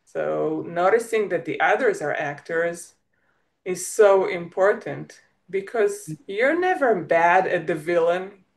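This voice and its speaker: A woman with an Israeli accent, a native Hebrew speaker, talks in a reflective conversation, often pausing and restarting as she looks for words. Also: on the low side, lively intonation. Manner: searching for words, restarts, light laughs. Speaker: guest.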